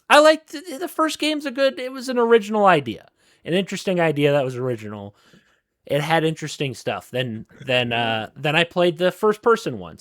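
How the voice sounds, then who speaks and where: A man's voice: medium pitch, a bit bright, no echo. Rambling man in dry podcast chat. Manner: rambling, lots of "like" and restarts. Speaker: podcast co-host. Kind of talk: casual gaming podcast chat.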